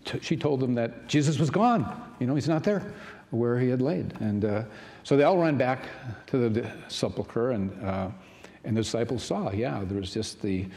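A man's voice: mid-range voice, a little mellow. A male pastor retelling a scripture story in a loose, conversational sermon, full of fillers and asides. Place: large church sanctuary. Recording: long church hall reverb.

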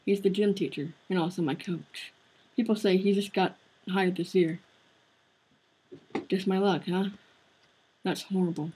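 A woman voicing a sick, downcast teenage boy who speaks quietly, in a husky voice. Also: on the low side, steady tone, measured pace, long pauses, poor audio. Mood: weary. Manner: quiet, subdued.

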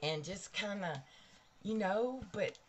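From her bedroom, a chatty, bubbly livestream host says hello to viewers by name. She talks slowly and expressively in a mid-range voice, with slight hiss or hum in the audio.

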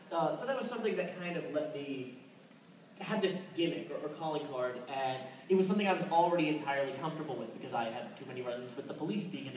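Chatty man in an echoey hall. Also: medium pitch. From Tennessee, USA. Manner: loose and chatty, many filler "uh"s and restarts. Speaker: convention panel speaker. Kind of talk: casual presentation. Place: convention talk room. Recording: echoey room recorded from far off, background noise.

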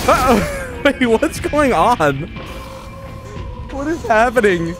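A man with a high, very lively voice narrates his VR play, excitable and self-mocking, quick to exclaim at his own misses. Loud game music plays under his commentary. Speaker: gaming YouTuber. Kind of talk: casual let's-play commentary.

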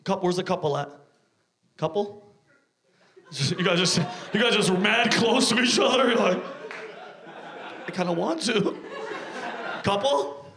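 A man's voice: high voice, lively intonation, moderate pace, long pauses, fairly bright tone. A man doing a stand-up comedy set, cursing, ranting and riffing with the crowd on a club stage. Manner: profane, ranting, acts out voices, riffs with the crowd. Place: comedy club stage before a live audience.

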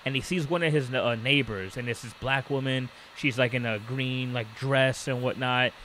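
Bright-voiced man telling a story. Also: mid-range voice, moderate pace, a little hiss or hum. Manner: animated storyteller, acts out quoted voices. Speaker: podcast co-host. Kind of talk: casual storytelling chat.

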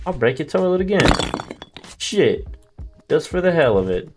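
Lively, slangy man joking through gameplay. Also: on the high side, normal speed, faint music behind. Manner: slangy, profane, jokey banter with game characters. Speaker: gameplay commentator. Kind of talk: casual gameplay commentary.

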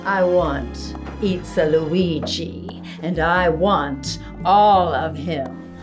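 An actress playing a teasing seductive woman who talks slowly and sultrily, in a comedy horror film. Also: deep voice. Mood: sultry, teasing. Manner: slow, sultry, teasing delivery. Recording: echoey room with music behind.

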